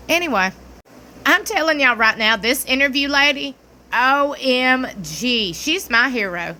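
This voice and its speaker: A sassy woman with a Southern US accent delivers blunt, mocking vlog commentary. Her voice is bright and forceful and sits a little high. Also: lively intonation, unhurried. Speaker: commentary vlogger. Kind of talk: opinionated commentary.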